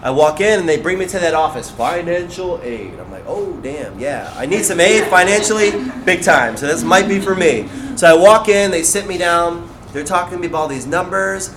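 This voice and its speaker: A man's voice: sits high, animated, brisk, few pauses. A man giving a live talk at a beauty school, telling a story and acting out the people in it, with lots of "like" fillers. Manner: acts out quoted dialogue, many fillers like "like". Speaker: guest speaker at a beauty school. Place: school hall, live audience.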